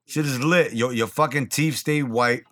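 A man's voice: mid-range voice, moderate pace, background noise. A young man, hosting a podcast, telling crude stories and acting out other people's lines. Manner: profane storyteller who acts out other people's lines. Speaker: podcast host. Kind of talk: crude casual chat.

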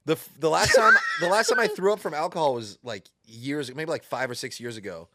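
A man's voice: fairly high pitch, lively intonation, a little fast, heavy background noise. A man co-hosting a podcast in casual chat, making dry, understated remarks and telling a short story. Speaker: podcast co-host.

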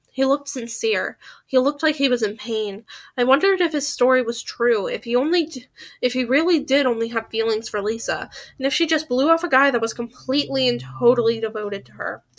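Woman reading a novel aloud, expressive, little stumbles and restarts, high voice. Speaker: reader.

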